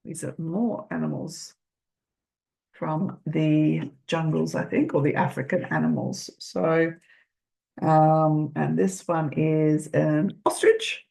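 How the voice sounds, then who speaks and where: An older woman reading a children's picture book aloud, gently asking the listener questions. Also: sits low, steady tone, slow pace, creaky.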